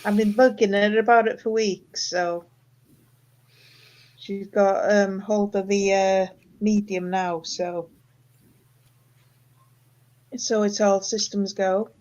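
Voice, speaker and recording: A middle-aged woman chatting casually, unhurried and trailing off with fillers. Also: medium pitch, fairly even intonation, darkish tone. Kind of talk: casual chat. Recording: dull, muffled sound.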